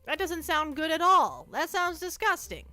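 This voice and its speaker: A woman's voice: extremely high pitch, very animated, normal speed, pushed and bright, soft background music. A young woman streaming, casually chatting with her viewers in a self-mocking, talkative way. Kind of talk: casual livestream chat.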